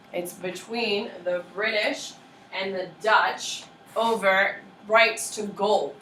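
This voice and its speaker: Lively woman teacher in a roomy classroom. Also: medium pitch, slight background noise. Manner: lively, checks in with students often. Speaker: history teacher. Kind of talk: classroom lecture. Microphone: far camera. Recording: roomy classroom audio from a distant camera.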